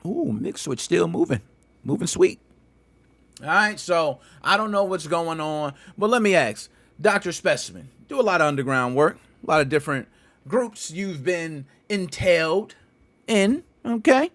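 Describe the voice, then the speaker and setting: A man hosting a casual gaming podcast, all slang and quick banter. His pitch swings widely from line to line, and the sound is dry and close with no room around it. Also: no echo. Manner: animated, slangy banter with frequent laughs. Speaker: podcast host.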